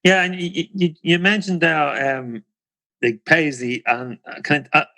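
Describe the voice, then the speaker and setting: A man's voice: a little high, a little slow, sharp tone. A man in his forties hosting a podcast, framing long scene-setting questions in a casual interview. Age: 40s. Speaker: podcast host.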